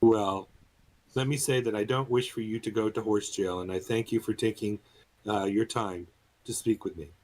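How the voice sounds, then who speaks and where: A man's voice: lowish voice, fairly even intonation, moderate pace, darkish tone, a little hiss or hum, rough recording. A man playing in a tabletop game, speaking hesitantly and politely with many fillers. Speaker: player. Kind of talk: tabletop role-play.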